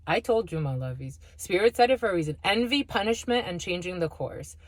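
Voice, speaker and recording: A tarot reader gives a spiritual reading to her viewers in a fairly low, lively voice, talking a little fast on a dry recording. She is blunt and profane, laughs often between remarks, and calls her audience "my lovies."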